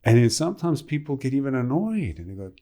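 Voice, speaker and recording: A man hosting a casual interview podcast, often affirming his guest with quick agreements before explaining points at length. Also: mid-range voice, very animated, a crowd in the background. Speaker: podcast host.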